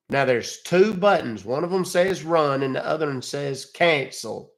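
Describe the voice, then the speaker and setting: Gravelly older man, folksy and exasperated. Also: fairly high pitch, animated, normal speed, hardly any pauses. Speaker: scam-baiting streamer. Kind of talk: live call with a scammer.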